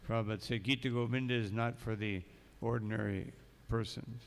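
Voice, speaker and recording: In a long, echoing temple hall, a monk delivers a morning sermon in a mid-range, steady-toned voice that moves fairly quick. He tells stories, reads passages aloud, and interrupts with asides.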